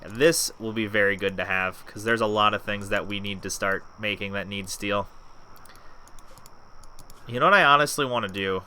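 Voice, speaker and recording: A man's voice: fairly low pitch, moderate pace, pushed and bright, slight background noise. A man giving casual gameplay commentary as a let's play host, chatting to himself, talking back at the game and swearing freely.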